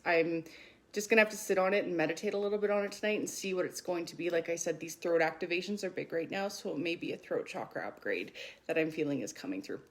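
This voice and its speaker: A woman in her thirties from Canada, a spiritual coach chatting casually and upbeat on a live stream, a little short of breath, reading viewer comments aloud. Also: fairly low pitch.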